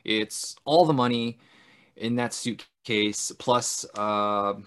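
Brief: man, mid-pitched, loose conversational recap, laughs a lot, breaks into goofy impressions. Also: slow pace, clean tone. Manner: chatty, laughs often, mimics characters in big voices. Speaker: podcast co-host. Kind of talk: casual film recap chat.

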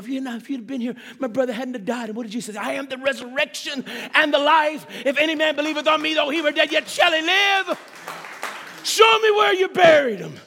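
A pastor with a high, sharp voice preaches to his church. He drops to near-whispers and slows down, then bursts into shouted lines. He keeps calling out to the congregation. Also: husky. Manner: preaching with sudden shouts and slow hushed stretches; addresses the congregation directly. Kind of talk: sermon.

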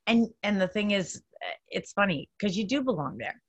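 A woman hosting a casual chat, upbeat and quick to laugh. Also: medium pitch, expressive, slightly rough, no echo, muffled recording. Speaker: host.

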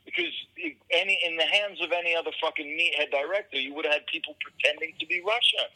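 A man's voice: a little high, animated, fast talker, bright, forceful tone, low-quality recording. A man talking as a guest in a casual conversation, swearing often and arguing emphatically. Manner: profane, emphatic ranting.

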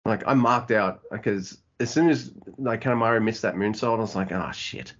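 A man co-hosting a casual wrestling podcast, excitable and sweary, acting out wrestlers' lines as he recaps. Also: on the low side, a little fast. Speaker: podcast co-host. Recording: dull lo-fi audio.

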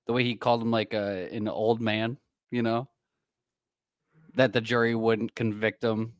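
A man co-hosting a casual political talk show, talking in halting bursts with many restarts and acting out what others said. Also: lowish voice, little pitch movement, clean tone, dry recording, studio quality. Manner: halting, restarts often, acts out quotes. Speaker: co-host.

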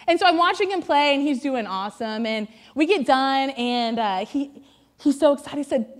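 A woman's voice: high-pitched, expressive, normal speed. A woman in her thirties, a pastor's wife, preaching to a congregation in a chatty, self-deprecating storytelling style. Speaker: pastor's wife giving a sermon. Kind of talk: humorous storytelling sermon. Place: on stage before a church congregation.

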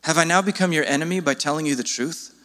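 Guy preaching, earnest and pleading, voice a bit high, church hall echo trailing after. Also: quick pace, sharp tone. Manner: earnest, pleading, with sudden rises in pitch. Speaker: pastor. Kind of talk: sermon.

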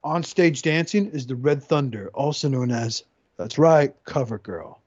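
A man in casual podcast chat, profanely riffing and acting out quick voices. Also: medium pitch, slightly rough. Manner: animated, profane, acts out voices. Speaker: podcast co-host. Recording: dull lo-fi sound.

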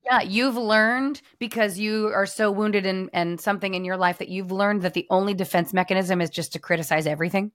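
A young adult woman co-hosting a casual faith conversation, telling personal stories in an animated way. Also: mid-range voice, a little fast, hardly any pauses, dry recording, clean studio sound. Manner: animated storyteller, acts out quotes. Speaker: podcast co-host.

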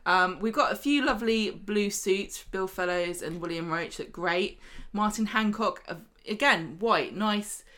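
A woman co-hosting a podcast, chatting and teasing in quick banter. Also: medium pitch, a bit bright. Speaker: podcast co-host. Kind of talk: casual chat.

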